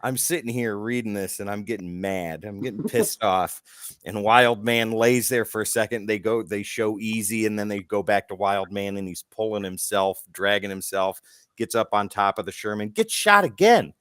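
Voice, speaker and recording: A man's voice: on the low side, moderate pace, smooth, dry recording, clean studio sound. A man co-hosting a casual comic-book podcast, retelling scenes with acted quotes and the occasional swear. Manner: animated storytelling, acts out quotes, swears. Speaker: podcast co-host.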